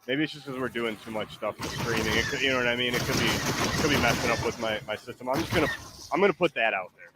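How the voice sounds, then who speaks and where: A man's voice: mid-range voice, quick pace, heavy background noise. A man streaming a game, chatting casually in a rambling, hesitant, playful way. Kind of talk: casual chat while gaming.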